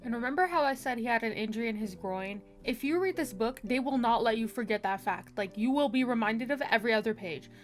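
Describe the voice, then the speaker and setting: A woman's voice: on the high side, expressive, fast, hardly any pauses, soft background music. A woman reviewing a book in a casual vlog, talking frankly with lots of fillers and sounding exasperated.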